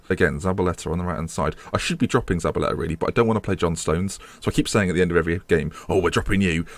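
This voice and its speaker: A deep-voiced man talks through his football management game in a chatty, self-mocking way. He swears now and then when his side slips up. The recording is dry and close. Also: no echo. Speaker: gaming video host. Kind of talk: casual game commentary.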